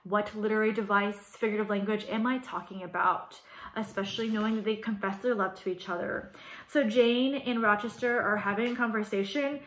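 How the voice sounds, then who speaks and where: A woman teacher giving a casual, animated video lecture, talking with lots of fillers. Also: mid-range voice, a little fast. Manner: chatty and animated, many fillers. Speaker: high school English teacher. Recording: roomy echo.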